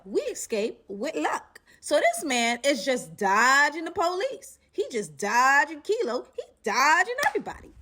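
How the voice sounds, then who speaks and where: A woman telling a personal story in a casual storytime style, acting out the other voices and using a lot of slang. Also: a little high. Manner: animated, acts out quotes, slangy.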